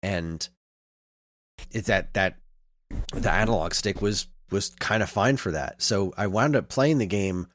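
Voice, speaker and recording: A man in his thirties co-hosting a podcast, telling a long story in casual chat and getting animated as he retells it. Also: fairly low pitch, measured pace, pauses often. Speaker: podcast co-host.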